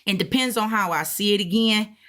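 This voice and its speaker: A woman's voice: mid-range voice, brisk, pushed and bright. A woman giving a casual self-taught language lesson, thinking aloud as she goes and repeating words to sound them out. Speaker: language learner teaching what she studies.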